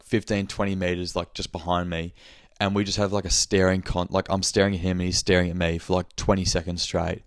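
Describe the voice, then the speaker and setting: A young man with a very low voice talks through a solo podcast in a loose, rambling way, peppering everything with fillers and swear words. The recording is dry and close, with no room sound. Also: clean tone, no echo. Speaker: podcast host. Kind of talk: casual solo chat.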